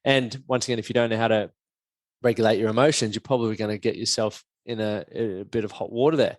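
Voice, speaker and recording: A man's voice: fairly low pitch, fairly even intonation, quick pace, no room sound. A man hosting a podcast as a coach, speaking frankly and reflectively with casual swearing. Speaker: podcast host, men's performance coach.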